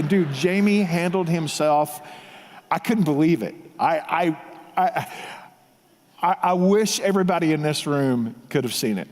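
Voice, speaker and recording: A man gives an emphatic, animated tribute in a large hall, repeating himself and shouting out quoted lines. His voice sits a bit high for a man. A long reverb trails after every phrase. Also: normal speed, slight background noise. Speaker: pastor giving a tribute speech. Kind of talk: heartfelt storytelling speech.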